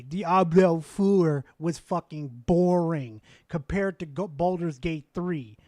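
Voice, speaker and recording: A man's voice: high-pitched, a little mellow, no echo, studio quality. A man streaming, ranting back at a video with sarcastic, profane mockery. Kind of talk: casual live-stream rant.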